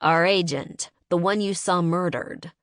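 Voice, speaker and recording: Curt and impatient, a male spy boss barks orders in an audiobook, as a woman reads him. The voice sits low and the sound is dry and close. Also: a little slow, no echo, close to an everyday voice. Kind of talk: audiobook character voice.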